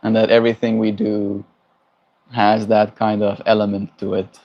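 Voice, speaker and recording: A man's voice: lowish voice, monotone, moderate pace, vocal fry, dull audio. A man live streaming, chatting casually and reflectively as he answers his viewers.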